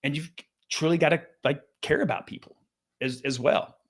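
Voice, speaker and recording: A man's voice: on the high side, normal speed. A man in his fifties giving an earnest, casual motivational talk to camera as a business coach, restarting sentences often and slipping into quoted voices.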